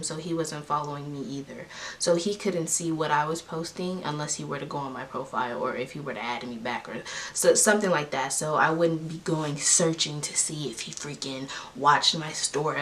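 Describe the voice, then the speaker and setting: A young woman with a low voice tells viewers a personal story, candid and emphatic. She sits a bit away from the microphone, and a faint hiss runs under the recording. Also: fairly bright tone, recorded from a distance. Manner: emphatic, talking straight to viewers. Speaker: vlogger.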